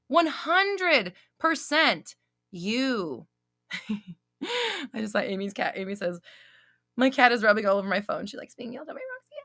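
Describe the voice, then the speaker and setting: Blunt, bright-voiced woman live-streaming. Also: on the low side, no echo, clean studio sound. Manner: blunt, swears freely, laughs often, scolding tone. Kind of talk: casual live-stream chat, reading out viewer comments.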